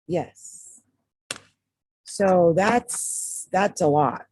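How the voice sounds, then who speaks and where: A woman's voice: lowish voice, expressive, measured pace, warm tone, slightly rough. A woman giving a casual tarot reading, chatty and emphatic, often repeating the sign's name, her voice dry. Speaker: tarot reader and astrologer.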